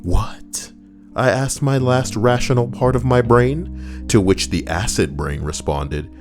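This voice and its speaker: A man's voice: mid-range voice, takes it slowly, soft background music. A man reading stories aloud as a host, breaking off for sarcastic, rambling comic asides. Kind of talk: comedic reading with commentary.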